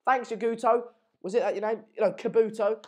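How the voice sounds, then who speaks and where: An energetic young man rambles through a casual live football chat stream. His talk is jokey and self-mocking as he jumps between the match and his viewers' comments. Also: high-pitched, a little fast.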